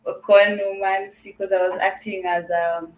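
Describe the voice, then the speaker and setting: A woman from Kenya, an actress being interviewed, answering softly and hesitantly with many fillers. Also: mid-range voice, level tone, normal speed, reverberant, rough recording. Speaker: actress, guest. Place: studio.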